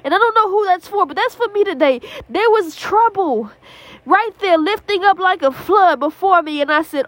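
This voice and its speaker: A woman's voice: extremely high pitch, expressive, normal speed, fairly bright tone, dry recording. A woman hosting a podcast, praying and exhorting fervently from her prayer closet, repeating herself as she pleads. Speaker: podcast host. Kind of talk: impassioned spoken prayer and exhortation.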